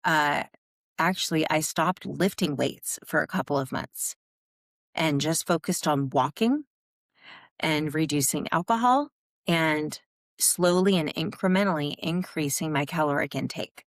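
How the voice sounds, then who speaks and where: A woman's voice: sits low, unhurried, no room sound, clean studio sound. A young adult woman hosting a podcast, telling her own story in a raw, frank way and swearing often. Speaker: podcast host. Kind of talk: candid personal monologue.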